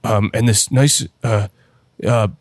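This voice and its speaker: A man's voice: lowish voice, steady tone, slow pace, dry recording. Guy doing a slimy holier-than-thou priest, sugary and pious, improv comedy. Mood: sanctimonious. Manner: fawning, sanctimonious. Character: creepy smug male priest.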